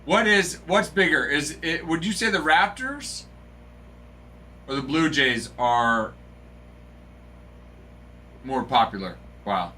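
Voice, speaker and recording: Man, card break host, casual stream banter, joking, bright voice, faint background hum. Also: fairly high pitch, animated, slow, long pauses. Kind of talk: casual live stream chat.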